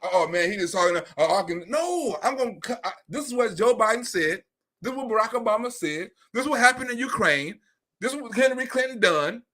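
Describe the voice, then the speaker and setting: A man's voice: very high-pitched, fairly quick. A man hosting his own online comedy show, talking off the cuff in a rambling, profane monologue with frequent laughs. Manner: profane, rambling, animated, laughs between points. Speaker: comedian and YouTube host. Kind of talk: unscripted livestream monologue.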